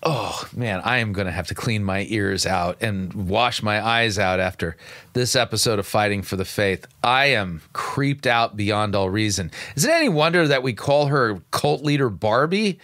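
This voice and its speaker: A man's voice: on the low side, moderate pace, fairly bright tone, no room sound. A man hosting a radio show, giving sarcastic, incredulous commentary on video clips, often stumbling and restarting. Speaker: radio show host and pastor.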